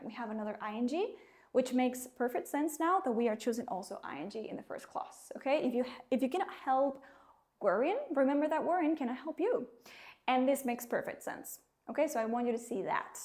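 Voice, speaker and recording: A woman teaching English in a live online class, speaking with a Spanish accent. Her voice sits fairly high, and she keeps the lesson moving with coaxing questions to her viewers. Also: a little mellow.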